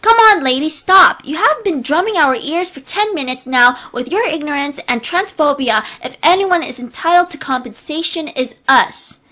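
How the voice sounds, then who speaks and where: A woman voicing a male customer who loudly scolds someone. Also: high-pitched, expressive, normal speed, hardly any pauses. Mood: scolding. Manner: loud, scolding. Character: annoyed male customer, speaking up.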